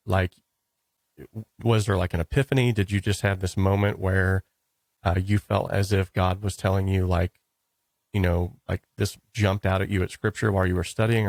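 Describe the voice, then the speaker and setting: A man hosting an interview, chatting casually and telling stories in an animated way, often saying "dude" and "like". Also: on the low side, no echo. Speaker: podcast host.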